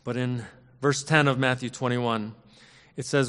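A man preaching a sermon in an earnest, measured way, leaning on emphatic repetition. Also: mid-range voice, steady tone, a bit bright, clear, resonant tone. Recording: long hall reverb.

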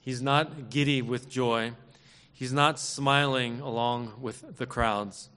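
A man preaching a sermon in an earnest, measured way, leaning on emphatic repetition. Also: medium pitch, steady tone, bright, forceful tone, smooth. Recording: long hall reverb.

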